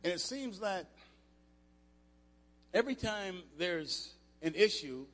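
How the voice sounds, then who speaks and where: Older male preacher, emphatic, fairly high voice, long hall reverb. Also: lively intonation, slow. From United States. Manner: emphatic, rising to loud passages, with restarts. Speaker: preacher, former football player. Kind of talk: sermon. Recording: echoey hall.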